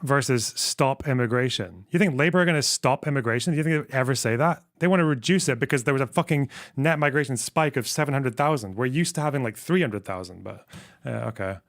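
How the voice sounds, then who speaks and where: A man hosting a live stream, talking quickly and swearing often. He sounds combative and exasperated as he picks apart other people's points. His voice is close and dry on a desk microphone. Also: mid-range voice, dry recording. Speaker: streamer host.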